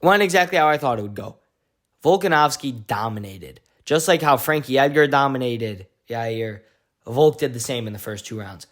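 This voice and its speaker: Male vlogger, casual recap, excitable, slangy storyteller, mid-pitched. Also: moderate pace. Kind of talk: casual event recap vlog.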